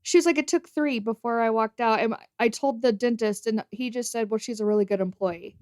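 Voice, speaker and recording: A woman from Indiana co-hosting a casual podcast chat, agreeable and quick to laugh. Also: on the high side, darkish tone, no room sound, clean studio sound. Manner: laughing, agreeable, many yeahs. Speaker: podcast co-host.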